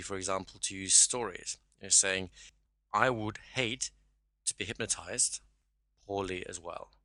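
Male trainer, bright forceful voice, dry close sound, explanatory delivery. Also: low-pitched, dry recording. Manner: explanatory, acts out sample dialogue. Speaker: hypnosis trainer. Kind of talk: teaching a class.

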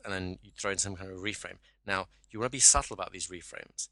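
Man teaching hypnosis, bright tone. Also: low voice, fast, hardly any pauses, no room sound. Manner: explanatory, acts out sample dialogue. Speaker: hypnosis trainer. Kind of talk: teaching a class.

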